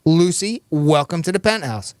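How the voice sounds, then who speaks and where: A man's voice: on the high side, animated, normal speed, no room sound, studio quality. A man hosting a radio show, joking and laughing as he runs a ticket giveaway. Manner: jokey, laughs often.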